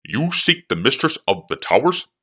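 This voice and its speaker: A man voicing a gruff, bearded, limping scholar who speaks in a blunt, clipped, hearty way. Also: medium pitch, sing-song, normal speed, pushed and bright, voice pushed up. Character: gruff, bearded, lame older male scholar.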